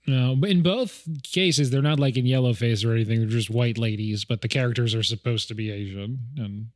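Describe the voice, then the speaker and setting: A man's voice: mid-range voice, brisk, no echo, studio quality. A man hosting a podcast in casual chat, chatty and laughing, with fillers and restarts. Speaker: podcast host.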